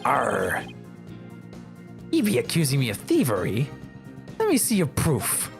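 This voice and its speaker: A man voicing a gruff, boastful adult male pirate in a courtroom video game, growling his lines with old-timey pirate talk. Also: medium pitch, huge pitch swings, unhurried, over music, voice pushed down, full character voice. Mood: defiant. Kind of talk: reading a game's dialogue aloud in voices.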